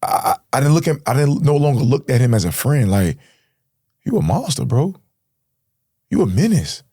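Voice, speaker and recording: A man's voice: mid-range voice, sing-song, normal speed, dark tone, husky, no echo, studio quality. A young man guest on a podcast, telling an emotional story in street slang, saying bro and man a lot.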